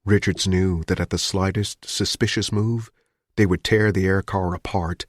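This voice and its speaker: A man narrating a thriller audiobook in a measured storytelling manner. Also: deep voice, fairly even intonation, dry recording, studio quality. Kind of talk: scripted narration.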